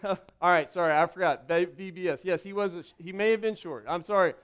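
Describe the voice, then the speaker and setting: A young adult man preaching a lively sermon in church, with joking asides to the congregation. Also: high-pitched, brisk, clean tone. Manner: animated preaching with asides and jokes. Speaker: pastor.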